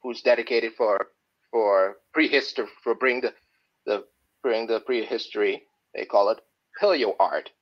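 A man chatting casually, talking in halting bursts full of restarts and fillers and laughing at his own jokes. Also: lowish voice. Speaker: guest. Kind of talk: casual chat. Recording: dull lo-fi sound.

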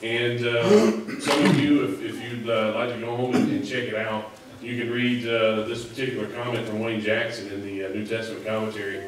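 Brief: man, low-ish voice, rambling sermon preacher, heard from a distance in a very echoey church. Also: steady tone, normal speed, few pauses. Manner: conversational, rambling with many fillers. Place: church sanctuary. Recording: echoey hall, mic at a distance.

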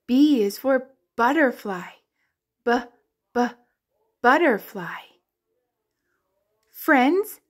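A woman teaching the alphabet to toddlers in a slow, sing-song, exaggerated way, with playful animal sounds. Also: a little high. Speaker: children's educator.

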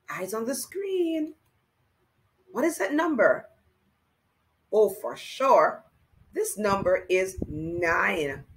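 A medium-pitched woman, captured in a low-quality recording, teaches a child to read. She addresses the child directly in a slow, sing-song manner, cheering them on as she spells things out and counts.

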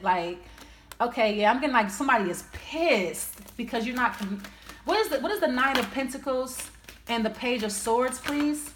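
A woman with a high, somewhat bright voice and a moderate pace does an offhand tarot reading. Cursing freely and speaking plainly, she thinks aloud over each card she draws, recorded in an echoey room.

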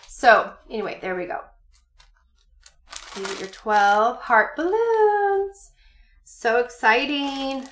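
A woman's voice: fairly high pitch, sharp tone, reverberant, slight background noise. A woman in her forties chatting casually to camera at home, rambling through a shopping haul with many fillers and laughs. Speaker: vlogger showing a shopping haul.

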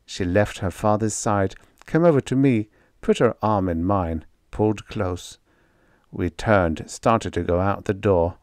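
A man narrating a first-person story in a hard-boiled, expressive reading on a close mic. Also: sits low, takes it slowly, no echo. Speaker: audiobook narrator.

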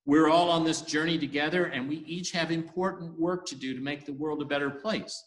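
A man voicing a gentle, soothing spirit in a storybook tale, in an echoey room. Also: on the high side, fairly even intonation, fairly quick, voice pushed up, natural voice. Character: gentle guiding spirit, calm and low.

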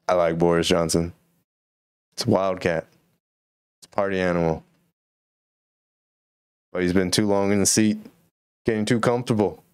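Talking casually about current events, this Texan solo podcast host rambles and muses in a relaxed manner. His deep voice is steady and a little mellow, with a clean tone, normal speed and long pauses. The studio recording is clean and echo-free.

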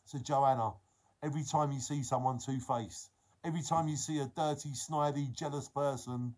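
Guy on a livestream, husky voice, earnest and pumped up, reading out comments from his viewers. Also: mid-range voice, steady tone, moderate pace, a little mellow. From England. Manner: earnest, encouraging, emphatic. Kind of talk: casual livestream chat.

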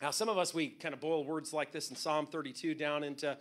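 A pastor with a high voice for a man delivers a sermon. He talks in a relaxed, conversational way and cracks jokes. He often slips into acting out what other people say. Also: moderate pace, faint music behind. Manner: conversational and joking, acts out quotes.

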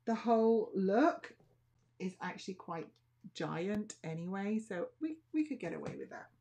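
A woman's voice: mid-range voice, expressive, unhurried, vocal fry, warm tone. A woman teaching a nail art class, chatting casually and thinking aloud as she works. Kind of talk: casual tutorial demonstration.

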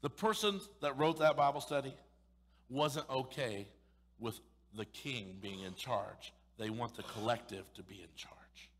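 A male pastor preaching an emphatic, sarcastic sermon, swinging between loud pushes and sudden hushed asides. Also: mid-range voice, measured pace, long reverb tail. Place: church sanctuary.

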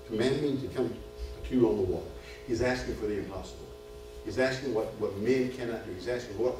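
A man preaching a sermon at a men's retreat, impassioned and repetitive, building in pitch and force as he goes. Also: mellow. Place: church hall or retreat room. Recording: echoey hall, far from the mic.

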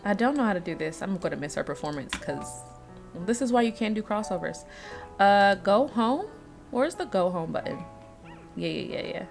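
A woman giving casual gameplay commentary, thinking aloud and chatting to the characters on screen. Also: mid-range voice. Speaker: let's-play host.

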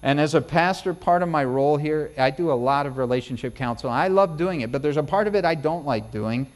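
A man's voice: on the high side, fairly quick. A middle-aged male pastor preaching a sermon in a folksy, conversational way, building to emphatic peaks.

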